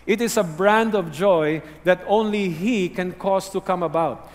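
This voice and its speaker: A man preaching a sermon, earnest and teaching, dropping low and quiet to stress key words. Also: a little slow, big-room sound. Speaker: pastor.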